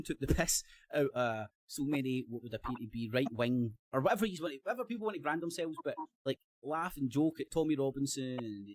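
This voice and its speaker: A man's voice: a little high, dry recording. A Scottish man on a live-stream panel, rambling and self-correcting as he talks. He swears, laughs often and trips over his words in casual debate.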